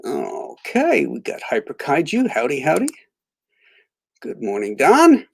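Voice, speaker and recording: A middle-aged man hosting a live stream, telling a rambling story full of halting restarts and reading out chat greetings. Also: fairly high pitch, huge pitch swings, gravelly. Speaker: livestream host.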